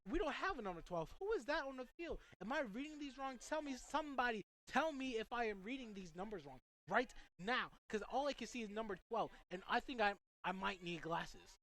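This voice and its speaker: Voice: mid-range voice, lively intonation, fairly quick, a bit bright, rough recording. A young student commentator calling a soccer match play by play. The delivery is chatty and loose, drifting into joking asides before coming back to the action.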